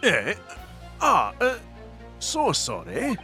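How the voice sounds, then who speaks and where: A man's voice: high voice, huge pitch swings, very slow, pushed and bright, faint music behind, heavily acted. A man voicing a bumbling male surgeon with a Scottish accent, talking in a hesitant, sheepish, stammering way.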